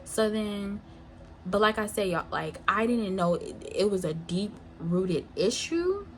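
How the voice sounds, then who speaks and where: Animated young woman telling a story. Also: takes it slowly, a little hiss or hum. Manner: animated storytelling, acting out quoted lines with sharp pitch jumps. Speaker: vlogger. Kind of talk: storytime vlog.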